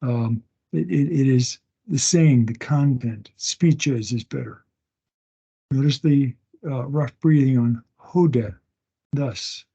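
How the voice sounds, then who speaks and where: A male instructor giving a recorded class lecture from home, talking slowly and haltingly, often pausing and restarting, and sounding out words one at a time and repeating them. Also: medium pitch, vocal fry, mellow, breathy edge. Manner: slow, halting, with many restarts and fillers. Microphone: online meeting recording. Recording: dull lo-fi meeting audio.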